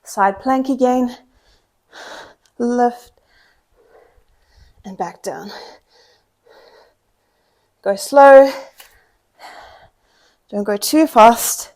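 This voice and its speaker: A young woman instructing a pilates class gives short exercise cues and countdowns, audibly out of breath. Her voice sits on the high side with a darkish tone, and she draws out her words and pauses often.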